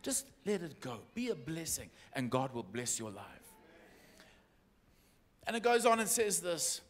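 A man preaching a sermon as an apostolic church leader, animated and building up to shouted exhortations. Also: a little high, a little slow.

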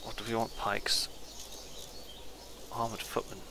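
Gravelly man musing over a strategy game. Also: fairly low pitch, little pitch movement, unhurried, noisy background. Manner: musing, thinking aloud, trailing off. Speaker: gameplay commentator. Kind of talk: casual let's-play commentary.

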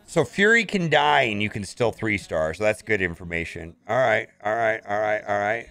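A man's voice: lowish voice, animated, moderate pace, a bit bright, faint music behind. Chatty man commenting on his gameplay. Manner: chatty, thinks aloud, many "all right"s. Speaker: mobile game streamer.

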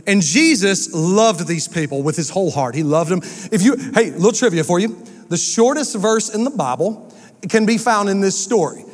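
A man, a pastor delivering an animated, emphatic sermon with quick asides. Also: high voice, in a large hall. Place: church sanctuary.

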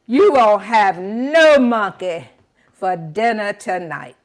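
A woman voicing a clever male monkey who speaks loud, sassy and emphatic. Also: mid-range voice, lively intonation, slow. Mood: triumphant. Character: clever bold monkey, male, sharp-witted.

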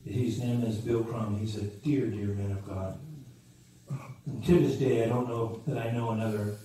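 A man's voice: on the low side, mellow, slight background noise. A man preaching a sermon as pastor, telling stories and rising and falling in emphasis. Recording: echoey room from far off with faint ambience.

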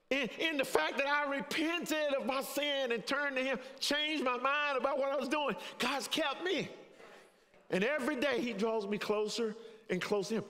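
An older pastor with a high, tenor-like voice preaches and shares his testimony in a large church sanctuary, where each word trails off in long reverb. He sinks to a hush, then climbs to a preacherly call, chuckling at his own story.

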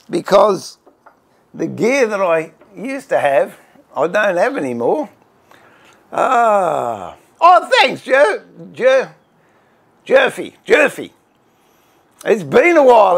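A man's voice: high voice, very animated, takes it slowly, gravelly, pauses often, a bit bright. A middle-aged Australian man hosting a woodworking livestream, chatting casually, greeting viewers by name and joking about himself.

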